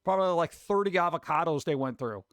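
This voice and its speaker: High-voiced man rambling. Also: expressive, fast, a bit bright, dry recording. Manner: rambling, acts out other people's voices. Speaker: livestream host. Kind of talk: casual stream chat.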